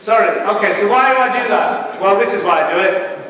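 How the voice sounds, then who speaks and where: Imam guy giving a lecture, bright high voice, talks right at the crowd, echoey hall from far off. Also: a little fast, muffled recording, slight background noise. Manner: animated, addresses the audience directly. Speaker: imam giving a public talk. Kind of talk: lecture to a live audience. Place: large hall.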